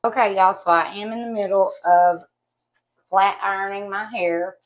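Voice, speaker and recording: This product review comes from a West Virginia woman talking casually to camera at home. Her Appalachian Southern voice is medium in pitch, with fairly even intonation and a moderate pace, and the highs are cut off. She's folksy, talkative, and keeps saying y'all to her viewers.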